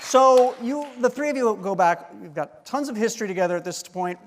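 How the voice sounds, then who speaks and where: A man's voice: high voice, animated, fairly quick, slight background noise. A man moderating a live panel, eagerly introducing guests and asking questions. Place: large hall. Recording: live hall with crowd, long reverb.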